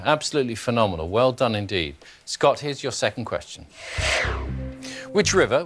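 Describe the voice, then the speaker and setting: A man's voice: medium pitch, fairly bright tone, slight background noise. A man hosting a TV quiz show in a studio, reading out questions and congratulating contestants in an upbeat way.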